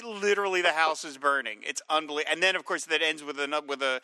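A man co-hosting a film podcast in casual chat, animated and often acting out movie lines in a high shout. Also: quick pace, clear, resonant tone, dry recording. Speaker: podcast co-host.

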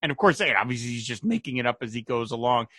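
A man co-hosting a casual chat, animated and laughing often as he retells scenes. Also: mid-range voice, fast, no room sound, clean studio sound. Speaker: podcast co-host. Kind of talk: casual chat recapping a TV episode.

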